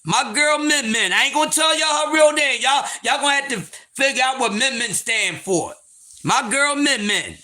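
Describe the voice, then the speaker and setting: A man hosting a livestream, telling a story in a loud, profane, laughing, casual way. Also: very high voice, lively intonation, moderate pace. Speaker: livestream host.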